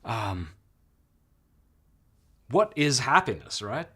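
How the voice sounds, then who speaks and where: An earnest man gives reflective religious commentary at a mid-range pitch. He thinks out loud and drifts into asides as he talks. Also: very animated, very slow, slightly rough. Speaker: host reacting to a clip.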